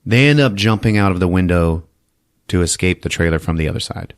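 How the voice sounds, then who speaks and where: Low-voiced and fairly quick, a male podcaster gives a casual rundown of a horror film. He's animated and profane, laughing as he acts out moments in character voices.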